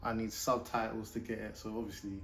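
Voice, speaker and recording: A British man hosting a reaction video, chatting casually and pausing a rap track to comment on it. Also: lowish voice, little pitch movement, fairly bright tone, a little hiss or hum.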